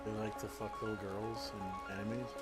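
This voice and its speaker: A man's voice: fairly low pitch, little pitch movement, fairly quick, loud music behind the voice. Rambling, profane man streaming live. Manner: rambling and profane, repeats himself. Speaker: gaming streamer. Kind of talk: casual livestream chat.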